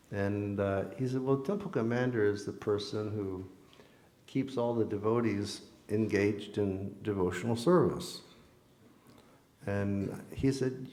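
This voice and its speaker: In an echoey temple hall, a male temple lecturer gives a sermon built around a personal story, voicing the people in it as he quotes them. His voice sits fairly low and is a little mellow, and he goes slowly with long pauses.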